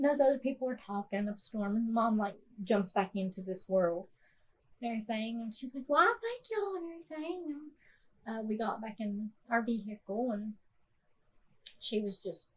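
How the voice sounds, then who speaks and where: A woman, hosting a podcast and telling a personal story softly, with many fillers and restarts. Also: mid-range voice, fairly even intonation, normal speed, rough recording. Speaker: podcast host.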